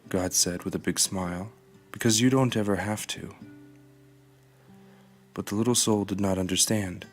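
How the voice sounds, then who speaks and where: A man narrating a children's storybook in a calm, steady storytelling manner. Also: on the low side. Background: faint guitar music.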